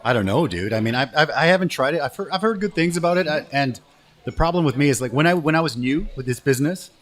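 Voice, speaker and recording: A man's voice: on the high side, expressive, fast, fairly bright tone. A man hosting a casual live show over food, laid-back and chatty, calling his guest brother. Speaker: host, restaurant owner.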